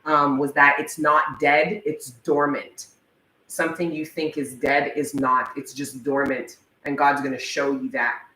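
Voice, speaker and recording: A woman giving a casual tarot reading in a chatty manner, swearing freely and reading the card text slowly. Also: deep voice, flat delivery, bright, forceful tone. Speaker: tarot reader. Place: indoors, room with a live wasp. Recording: echoey room, faint background noise.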